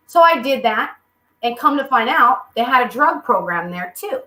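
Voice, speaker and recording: Over a video call, a woman at a recovery meeting tells her own story candidly and with humor, quoting the people in it in lively voices. Her voice is on the high side at a normal pace, and the low-quality recording is reverberant.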